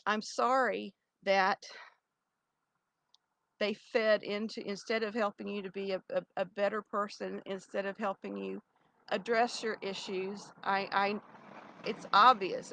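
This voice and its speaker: Nearly crying, this middle-aged vlogger pleads with her ex directly into the camera, rambling and restarting with lots of fillers. She has a mid-range, sharp voice with vocal fry and fairly even intonation at a moderate pace, captured on a low-quality recording.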